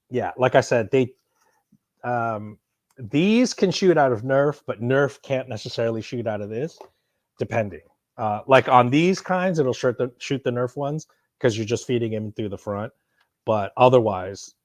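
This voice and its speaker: A man talking casually to camera during an unboxing, rambling and swearing, with loud bursts of excitement, recorded at home on a camera mic. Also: medium pitch, a little slow, rough recording. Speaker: vlogger. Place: someone else's home. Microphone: external mic on camera.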